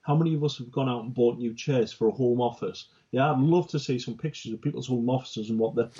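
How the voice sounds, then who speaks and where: Chatty guy co-hosting a business podcast, mellow husky voice, keeps saying right? yeah?. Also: mid-range voice, fast, lo-fi sound. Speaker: company director, co-host. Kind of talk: casual business podcast chat.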